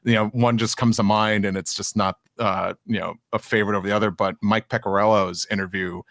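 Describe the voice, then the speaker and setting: Low-voiced man chatting casually. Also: fairly even intonation, fairly quick, gravelly, a bit bright, no echo, clean studio sound. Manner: chatty, many restarts and "you know" fillers. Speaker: podcast co-host. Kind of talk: casual chat.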